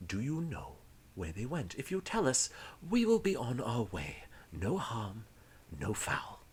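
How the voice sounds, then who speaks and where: A man voicing a polite but menacing male pirate officer who speaks softly, at times in a whisper. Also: mid-range voice, huge pitch swings, unhurried, slightly rough, full character voice. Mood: coaxing. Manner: soft-spoken, partly whispered, courteous threats.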